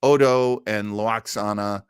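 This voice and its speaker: A man co-hosting a casual review podcast, animated, his voice jumping high when he is surprised. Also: slow, clear, resonant tone, no room sound, clean studio sound. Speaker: podcast co-host.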